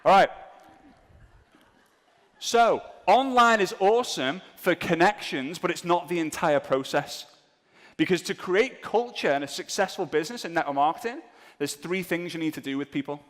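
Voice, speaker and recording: Male seminar speaker, jokey and self-mocking, animated delivery, reverberant venue. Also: high voice, moderate pace. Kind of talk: comedic live seminar talk. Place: event room with a live audience.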